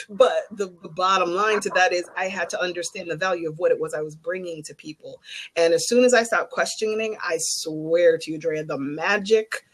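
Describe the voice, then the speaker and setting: A woman who works as a psychic and Reiki master, telling a candid, animated story in a casual group video chat. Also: on the low side, a little fast, poor audio.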